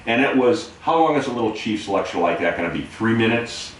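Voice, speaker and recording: A man's voice: medium pitch, lively intonation, brisk, a little hiss or hum. A man, a navy veteran interviewing a relative, telling an anecdote with emphatic asides. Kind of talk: casual storytelling. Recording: very echoey room, distant mic.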